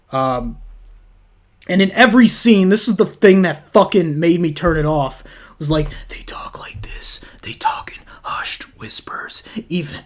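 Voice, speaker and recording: A man casually reviewing movies, blunt and opinionated, swearing freely as he rants. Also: sits high. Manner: blunt, profane, opinionated ranting.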